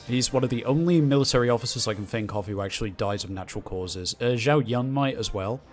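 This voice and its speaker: A man's voice: medium pitch, fast. A man co-hosting a video game let's play, wry, grumbling and cursing in mock despair. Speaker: co-host. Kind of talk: casual gameplay commentary. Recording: game music behind. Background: game music.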